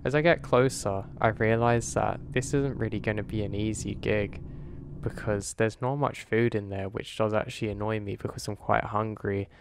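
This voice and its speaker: A man narrating a first-person horror story in a measured, confessional way. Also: fairly low pitch, vocal fry, slight background noise.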